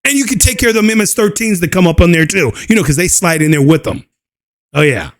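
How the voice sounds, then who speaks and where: A man with a strikingly high voice rants on his own channel. He mocks and scoffs as he goes, breaking into laughter often. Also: animated, fast talker. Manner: mocking, scornful, laughs often. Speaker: channel host. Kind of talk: ranting commentary video.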